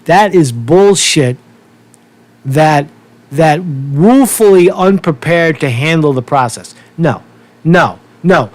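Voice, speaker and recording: A fired-up man rants in a profane, repetitive stream. His voice sits a bit high for a man. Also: animated, slow pace, no echo. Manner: profane, heated, repeats himself. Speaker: political commentary vlogger. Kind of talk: angry political rant.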